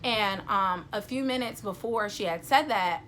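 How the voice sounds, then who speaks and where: Bright-voiced young woman telling a story. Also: mid-range voice, moderate pace, slight background noise. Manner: animated, acts out quotes, many fillers. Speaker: vlogger. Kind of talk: personal storytelling.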